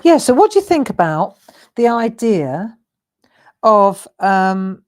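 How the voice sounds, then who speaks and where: A woman's voice: mid-range voice, big pitch swings, slow, darkish tone. A woman hosting a live craft tutorial, chatting in a self-deprecating way while she colours in.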